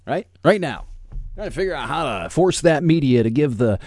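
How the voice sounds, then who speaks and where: Man, 40s, podcast host, sarcastic combative rant, warm low tone, dry close mic. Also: very animated, moderate pace, no echo.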